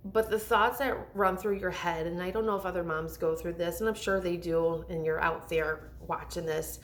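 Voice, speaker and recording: Candid, rambling mom vlogger with a low voice. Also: female voice, steady tone, moderate pace. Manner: rambling, heartfelt, self-interrupting. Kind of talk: candid confessional vlog storytelling.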